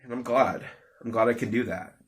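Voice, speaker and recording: A man's voice: medium pitch, fairly quick. A young man giving an off-the-cuff personal update at home, rambling with many fillers and restarts. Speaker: vlogger.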